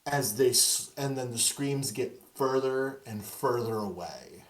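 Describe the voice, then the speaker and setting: A tabletop game master narrating a horror scene slowly and deliberately, drawing out each line for suspense. The voice sits at a middle pitch, and the recording sounds roomy and echoey. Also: expressive. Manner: slow, drawn-out suspenseful narration.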